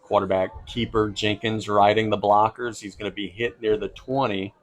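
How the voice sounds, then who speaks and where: A man calling play-by-play for a high school football game, brisk and easygoing, chuckling now and then. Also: flat delivery, rough recording. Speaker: play-by-play announcer.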